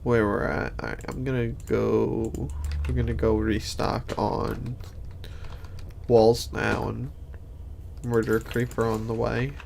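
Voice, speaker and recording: A man's voice: on the low side, flat delivery, takes it slowly, gravelly, darkish tone, a little hiss or hum. A sleepy man streaming a game in casual commentary, rambling and thinking aloud with many restarts. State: sleepy, yawning.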